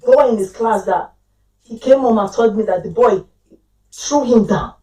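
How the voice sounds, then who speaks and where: A woman's voice: a little high, normal speed, mellow. A woman in her forties, a talk show guest, telling a personal story with emphasis and acting out what she said. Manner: emphatic, acts out her own quoted lines. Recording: roomy, distant mic.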